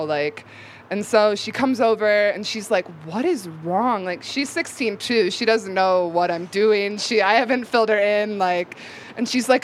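A woman's voice: mid-range voice, moderate pace, slight background noise. A young woman telling a personal story live on stage, casual and rambling with many fillers. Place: live event venue.

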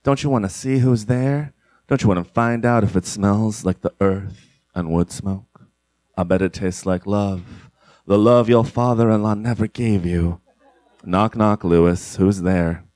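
A man voicing a low, coaxing, teasing talking body part. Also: unhurried, a little mellow, dry recording, natural voice.

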